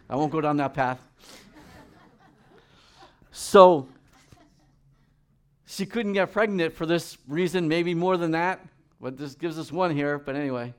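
Animated middle-aged male pastor preaching. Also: a little high, takes it slowly, long pauses, clear, resonant tone. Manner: animated preaching, acting out voices and reading scripture aloud. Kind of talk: sermon.

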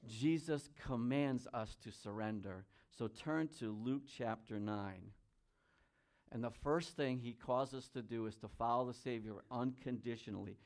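A man preaching a sermon. He reads scripture aloud, comments on it, and swings between loud emphasis and quiet asides. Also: mid-range voice, measured pace. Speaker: pastor.

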